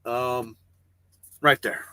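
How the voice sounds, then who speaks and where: A man's voice: mid-range voice, fairly even intonation, very slow, pushed and bright, smooth, no room sound. A man who drives a truck hosts a casual livestream from his parked cab, reading viewer comments aloud, rambling, joking and swearing freely. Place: parked truck cab with refrigerated trailer running.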